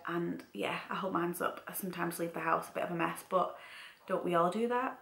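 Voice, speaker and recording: A young woman talks to camera in a loose, rambling vlog, with lots of fillers and self-corrections. Her voice is bright and forward, and it rings in an echoey room at home. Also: lowish voice, a little fast, creaky. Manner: chatty, rambling with frequent "like" and restarts. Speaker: vlogger. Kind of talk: casual chat to camera.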